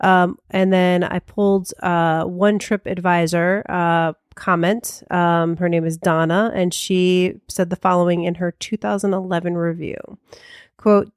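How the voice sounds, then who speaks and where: A woman with a lowish, smooth voice co-hosts a casual podcast. She talks chattily, with restarts, fillers and easy laughs, close to the mic in a dry room. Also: level tone, a little slow, no echo. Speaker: podcast co-host. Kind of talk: casual chat.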